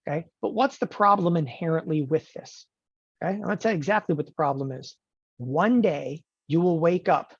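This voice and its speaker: A man's voice: a little high, dry recording. Emphatic joking man teaching trading. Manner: emphatic, joking, keeps asking "okay?". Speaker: options trading instructor. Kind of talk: animated trading lecture. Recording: dull lo-fi dry recording.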